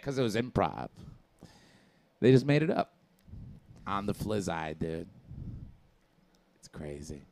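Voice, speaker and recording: A man chatting casually on a podcast, rambling and slangy with lots of energy. His voice sits a bit high for a man and swings widely up and down as he gets going. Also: expressive, normal speed, pauses often. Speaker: podcast co-host. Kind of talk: casual chat.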